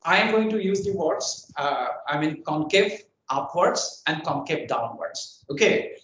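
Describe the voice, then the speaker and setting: A man's voice: on the high side, animated, unhurried, fairly bright tone. Echoey far-off male lecturer. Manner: repeats phrases, checks in with "is it okay? fine", frequent "I mean" and "uh". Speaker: university lecturer. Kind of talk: classroom lecture. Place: lecture room. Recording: very echoey room, speaker far from mic, faint noise.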